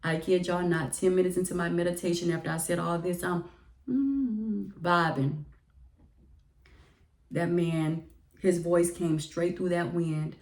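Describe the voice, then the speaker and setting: A woman who works as a teacher, telling a personal story to the camera in a lively, emotional way. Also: on the low side, echoey room. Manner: animated, emotional retelling with laughs and quoted voices. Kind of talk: casual storytelling vlog.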